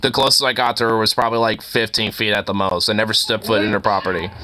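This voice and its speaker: A man's voice: lowish voice, fast talker, noisy background. A man streaming, reacting to a video with casual, profane, exasperated commentary. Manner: animated, profane, exasperated ranting.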